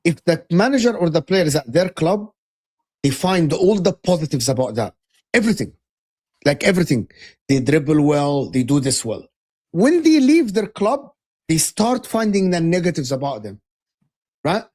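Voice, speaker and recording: A man's voice: on the high side, big pitch swings, normal speed, darkish tone. A man talking football casually as a podcast guest, emphatic and repeating himself.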